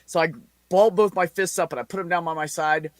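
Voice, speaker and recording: A man's voice: fairly high pitch, fast, no room sound. A man in his forties, a podcast host telling a story in casual, heavily profane chat. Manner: profane, animated anecdote with laughs.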